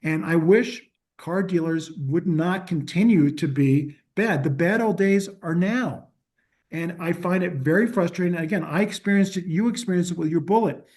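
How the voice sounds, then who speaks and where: A man hosting a podcast in casual chat, making his points emphatically and slowing down to stress them. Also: high-pitched, a little mellow. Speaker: podcast host.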